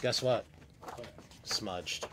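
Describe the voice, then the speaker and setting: A man's voice: on the low side, drawn-out words, heavy background noise. A man hosting a live autograph show, chatty and jokey in casual banter.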